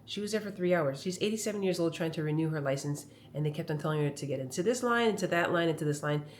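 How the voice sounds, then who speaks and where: A woman's voice: low voice, fast talker, a little hiss or hum. A woman comedian talking casually to her camera at home, chatty and rambling as she tells stories. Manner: chatty, rambling, animated storytelling. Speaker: comedian vlogger. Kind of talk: casual vlog monologue. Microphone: phone camera.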